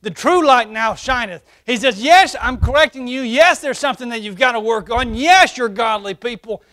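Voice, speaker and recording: A man preaching a sermon through a face mask, surging into loud, emphatic peaks and then dropping to hushed, low passages. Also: lively intonation, moderate pace. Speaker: pastor. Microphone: wearing a face mask while preaching.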